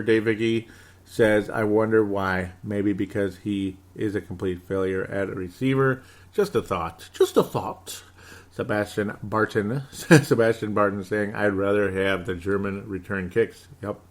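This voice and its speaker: A man in his thirties hosting a casual sports podcast, excitable and rambling, reading out listener comments. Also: on the low side. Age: 30s. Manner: hyper, excitable, rambling with laughs. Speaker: podcast host.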